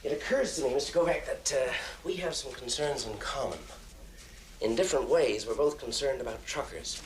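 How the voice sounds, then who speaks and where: An actor playing a polished male company executive who speaks with measured courtesy and quiet condescension. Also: mid-range voice, animated, a little hiss or hum, close to an everyday voice. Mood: persuasive. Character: smooth corporate male executive, polite and condescending.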